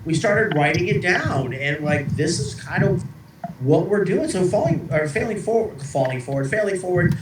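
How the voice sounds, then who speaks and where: Man, author guest, joking, playful, quick, slightly high voice, echoey, loud noise. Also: animated. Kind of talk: casual interview chat. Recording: echoey, noisy, distant call audio.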